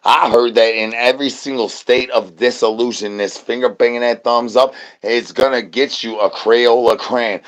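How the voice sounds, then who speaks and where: A man hosting a livestream, talking to his chat in goofy rhyming nonsense with singsong repeats, swinging between low mumbles and loud shouts. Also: steady tone, normal speed, few pauses. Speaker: livestream host. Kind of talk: rambling comedic stream chatter.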